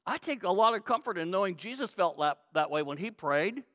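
A pastor preaching a sermon, emphatic, repeating key phrases and swinging between quiet reflection and loud pleading. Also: male voice, sits high, animated, brisk.

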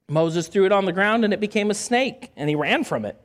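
A man with a high voice gives a sermon as a pastor. He reads scripture aloud and stops often to add casual, conversational comments to his listeners. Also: expressive, moderate pace.

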